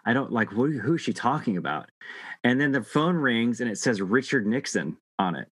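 A middle-aged man telling a long personal story in casual chat, halting and restarting often. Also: medium pitch, sing-song, breathy edge, no echo. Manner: rambling, halting with many restarts.

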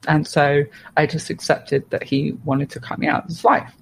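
A woman guest on a podcast, telling a hard personal story in a frank, steady way. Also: deep voice, moderate pace, gravelly, slight background noise, poor audio. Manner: frank and steady, with plain swearing and restarts.

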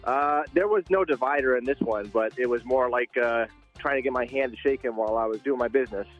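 A man calling in to a radio show, telling his story quickly and hesitantly. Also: mid-range voice, soft background music. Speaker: caller. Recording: dry, muffled phone-in line.

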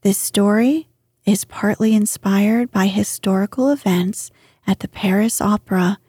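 A woman narrating a bedtime sleep story in a soothing, hushed voice that often drops to a whisper, close to the mic. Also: mid-range voice, measured pace, breathy edge, no room sound.

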